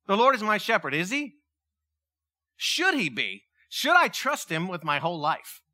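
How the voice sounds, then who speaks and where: A man preaching a sermon, animated, asking the congregation questions and acting out quotes. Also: high voice, measured pace. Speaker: pastor.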